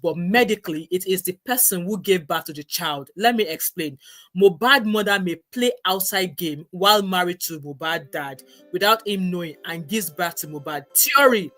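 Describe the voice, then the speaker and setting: A woman's voice: lowish voice, a bit bright. A woman hosting a livestream, chatting and reading viewer comments aloud. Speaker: livestream host. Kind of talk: livestream chat.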